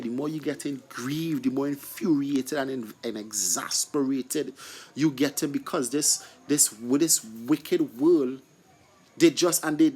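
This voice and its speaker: A man with a husky, mid-range voice leads an informal scripture study, repeatedly posing questions and then answering them himself. He stumbles over repeated words, with restarts and fillers throughout.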